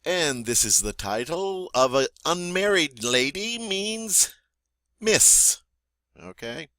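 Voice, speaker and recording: A man teaching a French vocabulary lesson, saying each word clearly and patiently, then asking the learner to repeat it. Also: on the high side, sing-song, slow pace, bright, forceful tone, dry recording. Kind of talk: spoken language lesson.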